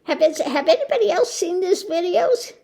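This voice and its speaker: This tarot channel host has a very high, very animated voice with a dark tone, speaking at normal speed. She chats casually to camera at home, rambling, restarting often, and exclaiming in disbelief.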